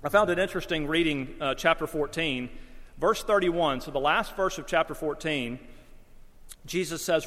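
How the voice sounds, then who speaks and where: Story-telling pastor, slightly high voice, hall reverb. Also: male voice, normal speed, bright, forceful tone. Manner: folksy storytelling, self-deprecating humor. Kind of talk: sermon.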